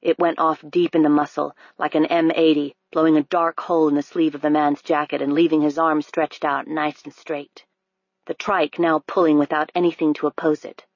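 An audiobook narrator reading a novel in a steady, unhurried storytelling manner. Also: mid-range voice, dry recording. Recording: dry, dull lo-fi recording.

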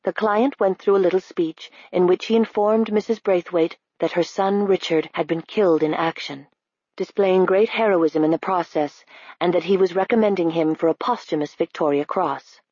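A woman reading a novel aloud as narrator, in an even, measured way. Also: fairly low pitch, slightly rough, no room sound, lo-fi sound. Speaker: audiobook narrator. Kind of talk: scripted narration.

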